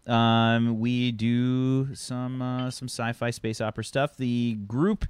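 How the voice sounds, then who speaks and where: A man hosting a sci-fi role-play show, introducing it in a rambling, halting way with many fillers. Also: mid-range voice, steady tone, clean tone, dry recording, clean studio sound. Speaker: host and game master.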